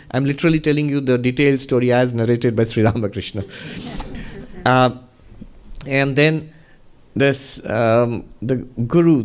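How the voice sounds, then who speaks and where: Monk giving a spiritual Q&A talk, measured, conversational storyteller. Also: male voice, medium pitch. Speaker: monk and resident minister.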